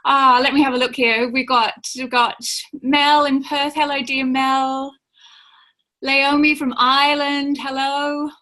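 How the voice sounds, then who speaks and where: A woman hosting a live spiritual webinar from home, greeting viewers warmly by name. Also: sits high, little pitch movement, measured pace. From Australia. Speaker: webinar host, spiritual teacher. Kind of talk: live online webinar talk.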